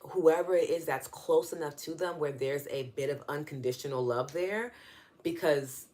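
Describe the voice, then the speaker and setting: A woman's voice: low-pitched, moderate pace, darkish tone. A woman with a New York accent hosting a live online teaching session, explaining earnestly in a conversational way and responding to viewer comments. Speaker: EFT session host.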